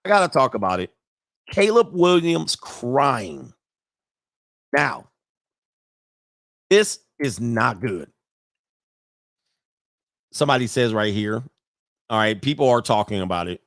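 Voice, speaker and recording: A man hosting casual sports commentary, animated and laughing often, with sudden high-pitched outbursts. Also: slow pace, gravelly, pauses often, dry recording, studio quality.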